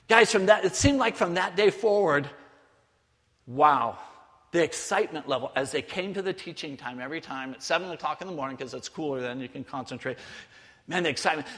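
A man giving a missionary sermon as a lively story, acting out other people's voices. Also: fairly high pitch, a little fast. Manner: animated, acts out voices of others. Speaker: missionary speaker. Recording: long hall reverb.

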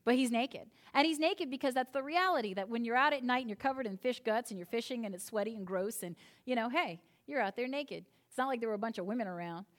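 High-voiced woman preaching with humor. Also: quick pace, hardly any pauses. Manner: lively storytelling, acting out voices with humor. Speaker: pastor. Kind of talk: sermon.

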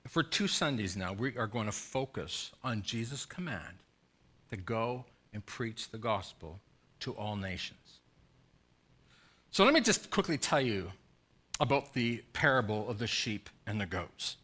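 Animated, bright-voiced preaching pastor. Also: male voice, on the low side, unhurried. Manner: urgent, pleading preaching with emphatic repetition. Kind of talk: sermon.

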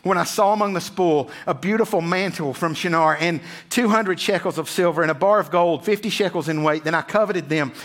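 A man's voice: on the high side, fairly quick, hardly any pauses, fairly bright tone. A male pastor preaching a sermon, reading scripture aloud and often repeating words as he builds intensity.

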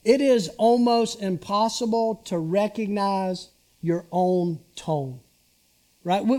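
High-voiced unhurried preacher man in his sixties. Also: darkish tone. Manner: conversational, asks the congregation rhetorical questions. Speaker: pastor. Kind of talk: sermon.

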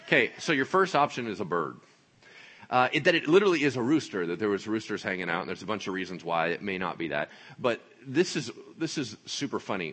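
A man preaching a sermon, joking and acting out the people in the story as he talks. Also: deep voice. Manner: animated, joking, acts out voices. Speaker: pastor.

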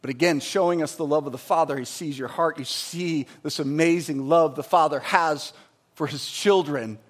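A man preaching in a church with a voice set high for a man. He is emphatic and swings between loud bursts and hushed passages. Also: moderate pace. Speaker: pastor. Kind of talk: sermon.

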